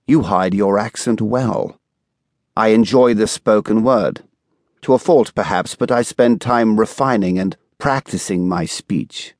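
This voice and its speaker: A man voicing an aging, cultured German exile with precise, carefully polished speech and a quiet, menacing edge. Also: fairly low pitch, unhurried, no echo, studio quality, close to an everyday voice.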